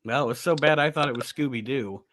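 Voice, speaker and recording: A man's voice: mid-range voice, fast talker, a bit bright. A man co-hosting a podcast, easygoing in casual chat, laughing along and swearing now and then. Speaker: podcast co-host.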